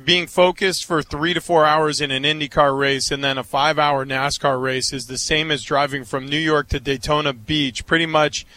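A man's voice: on the high side, fairly even intonation, moderate pace, hardly any pauses, bright, forceful tone. A man in casual sports talk, speaking emphatically and admiringly.

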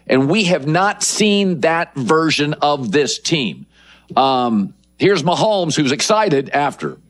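Animated, high-pitched sports talk host. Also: male voice, takes it slowly. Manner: emphatic, building lists for effect. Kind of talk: opinionated sports commentary monologue.

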